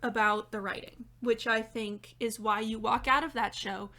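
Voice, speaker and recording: A young woman talking through a theater review in a chatty, animated way, often laughing between points. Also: fairly high pitch, moderate pace. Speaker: theater critic and dramaturg. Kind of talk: casual video review. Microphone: reading notes off-camera.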